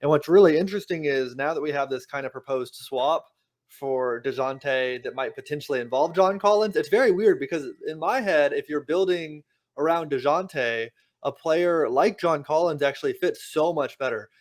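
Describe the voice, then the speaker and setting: A man joins a sports podcast as a guest writer and works through his ideas out loud. His voice sits a little higher than most men's, and he talks in an easy, reflective way. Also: normal speed. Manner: thoughtful, reasoning aloud. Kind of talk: casual sports podcast talk.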